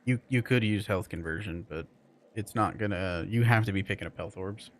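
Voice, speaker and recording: Low-voiced man rambling on a stream. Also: normal speed, slight background noise. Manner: loose, rambling, lots of fillers. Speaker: game streamer. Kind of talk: casual live-stream chat with viewers.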